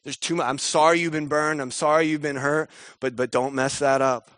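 A man's voice: on the high side, steady tone, moderate pace, a bit bright, no room sound. A young man preaching a sermon in a casual, joking manner, slipping into quoted voices. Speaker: pastor.

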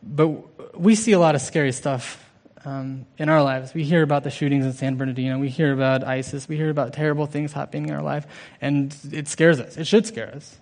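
A young man giving an informal, earnest sermon, halting with restarts and fillers. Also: a little high, steady tone, darkish tone.

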